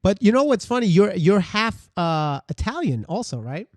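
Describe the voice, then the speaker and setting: A man with a Brooklyn accent hosting a casual interview, excitable and playful. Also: sits high, normal speed, no room sound. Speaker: podcast host.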